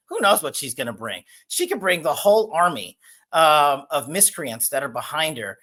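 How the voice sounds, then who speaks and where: A man's voice: fairly high pitch, very animated, moderate pace, sharp tone. A man speaking as a guest in a political interview, with a punchy, emphatic delivery.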